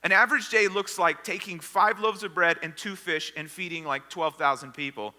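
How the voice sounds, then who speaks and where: High bright-voiced preacher in a hall. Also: male voice, normal speed. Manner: storytelling, acting out the disciples and crowd. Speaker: pastor. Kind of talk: sermon. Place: church sanctuary. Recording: long hall reverb.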